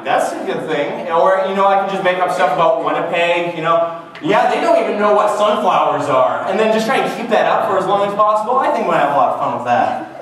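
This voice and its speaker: A man's voice: sits high, fairly bright tone, slight background noise. A man in his twenties from Canada, joking and mocking himself in a casual comic monologue to camera. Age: 20s. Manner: joking, self-mocking, wry. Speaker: vlogger. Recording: echoey room, far from the mic.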